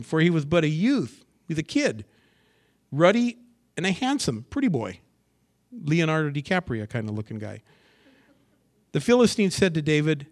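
A man preaching a sermon to a church assembly, reading scripture aloud and commenting on it, dropping to hushed asides and rising to excited bursts. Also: on the high side. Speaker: pastor.

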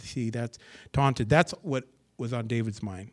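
Guy pastor preaching a sermon, reads the verses then riffs on them, goes quiet then gets all fired up. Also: mid-range voice, normal speed, hardly any pauses. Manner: expressive preaching, swings from hushed asides to excited bursts; reads scripture aloud, then comments on it. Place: church assembly.

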